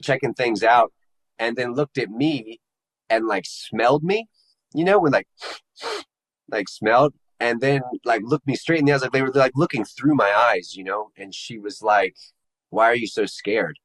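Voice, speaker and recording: A man telling his personal story to an interviewer in a casual, halting way, searching for the right words. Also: medium pitch, lively intonation, poor audio. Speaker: interview guest. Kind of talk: personal testimony in casual conversation.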